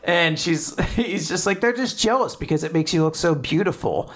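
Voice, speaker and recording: A man co-hosting a casual chat podcast, recapping a story with lively acted-out quotes and frequent laughter. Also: a little high, moderate pace, slight background noise. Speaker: podcast co-host recapping manga.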